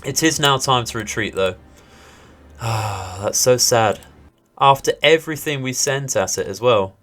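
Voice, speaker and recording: A man's voice: mid-range voice, measured pace, a bit bright. A man hosting a let's play, giving polite, upbeat commentary on each move and laughing off setbacks. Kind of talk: gameplay commentary.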